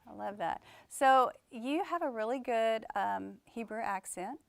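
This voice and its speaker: A woman's voice: on the high side, unhurried, gravelly, slight background noise. A woman with a Texan accent hosting an interview in an upbeat, gushing manner. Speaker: host. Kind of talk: casual interview chat.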